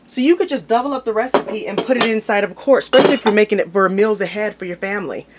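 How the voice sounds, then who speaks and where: A woman hosts a cooking video from her kitchen, talking fast and informally in a medium-pitched voice as she opens jars and plates food. The recording is very noisy.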